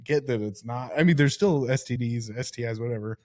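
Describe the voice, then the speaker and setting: A middle-aged man co-hosting a podcast, talking casually about a book. He is frank and jokey, and his voice shoots up high when he sounds incredulous. His pitch sits in the middle for a man. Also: a little fast, mellow. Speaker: podcast co-host. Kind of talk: casual book club chat.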